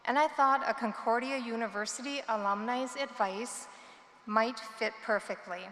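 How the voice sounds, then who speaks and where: Woman, fairly high voice, measured earnest speech, podium mic, long hall reverb. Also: fairly bright tone. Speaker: student commencement speaker. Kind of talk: prepared commencement speech. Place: large hall.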